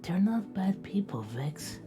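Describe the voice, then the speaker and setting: A woman voicing a sleepy, doting young female companion who speaks softly and affectionately in an animation. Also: mid-range voice, very animated, takes it slowly, music in the background. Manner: soft-spoken, drowsy and affectionate.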